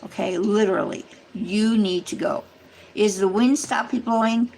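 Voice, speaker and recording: Brief: female livestream host, gravelly creaky voice, mid pitch, rambling earnest casual chat. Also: unhurried, darkish tone, a little hiss or hum, rough recording. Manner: addresses viewers directly. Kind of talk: casual chat to a live audience.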